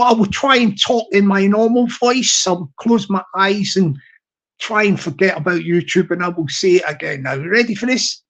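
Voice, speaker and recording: A high, slightly bright voice belongs to a Glasgow man with a Glaswegian accent who is chatting casually on a live stream. He tends to ramble and repeat himself, and he jokes and laughs often along the way.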